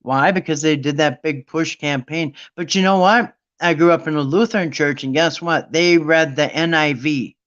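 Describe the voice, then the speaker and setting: A man's voice: on the high side, normal speed, hardly any pauses, a bit bright, muffled recording. A man hosting a Bible study talk, ranting with sarcasm in a rambling, casual monologue.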